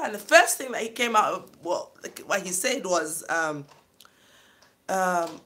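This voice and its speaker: A woman's voice: medium pitch, normal speed, fairly bright tone, slight background noise. A woman telling a personal story in an emotional voice. She often checks in with "you know what I'm saying". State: tearful at times. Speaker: guest telling her life story.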